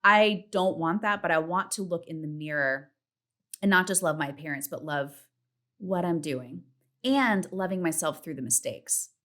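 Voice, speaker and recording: A woman in her thirties hosting a casual solo podcast from home, chatty and candid, swearing freely and acting out her self-talk in a high voice. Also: moderate pace, fairly bright tone. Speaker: podcast host. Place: home, partner in the next room.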